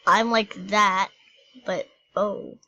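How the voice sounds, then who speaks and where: A woman's voice: medium pitch, steady tone, drawn-out words, pushed and bright, muffled recording. A woman giving playful, giggly gameplay commentary as a YouTuber. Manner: playful and giggly, silly jokes. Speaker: gaming YouTuber.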